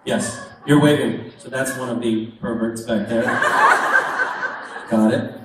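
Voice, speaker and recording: A man's voice: mid-range voice, steady tone, unhurried, recorded from a distance. Wry man joking on an echoey convention stage. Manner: wry, self-mocking, laughs often. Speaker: convention panel guest answering fan questions. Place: large convention hall. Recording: echoey hall picked up from afar, background noise.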